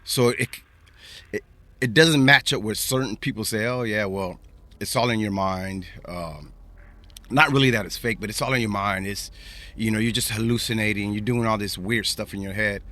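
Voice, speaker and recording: Low, bright-voiced man telling a story. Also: moderate pace. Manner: rambling, repeats himself, slangy. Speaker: podcast host. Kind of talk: casual storytelling.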